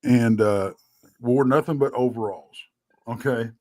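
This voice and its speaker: A man's voice: mid-range voice, measured pace, warm tone, dry recording. A middle-aged man, co-hosting a live talk show and telling folksy stories with laughs. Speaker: co-host. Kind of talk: casual storytelling chat.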